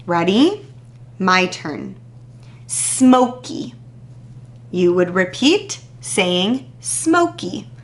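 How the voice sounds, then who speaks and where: A woman teacher leading a phonics warm-up for young children, sounding out words crisply and praising each answer patiently. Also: medium pitch. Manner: patient, drawn-out, encouraging praise after pauses. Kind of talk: slow, deliberate phonics lesson to young children.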